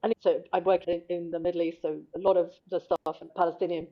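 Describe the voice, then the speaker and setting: A woman's voice: fairly low pitch, flat delivery, fast, narrow, tinny audio. A woman co-hosting a podcast, telling a self-mocking story in casual chat. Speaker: podcast co-host.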